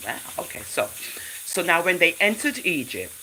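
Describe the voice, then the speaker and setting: On a casual livestream, a woman with a Jamaican accent and a voice on the low side preaches animatedly through scripture at a moderate pace, calling out viewers in the chat by name to thank them. Slight background noise comes through, and the audio is poor.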